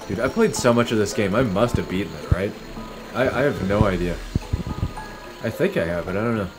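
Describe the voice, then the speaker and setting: A man's voice: lowish voice, expressive, fairly quick, music in the background. A young man giving casual, profane gameplay commentary, laughing often and musing aloud as he plays. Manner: swears freely, laughs often, muses aloud. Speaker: let's play streamer.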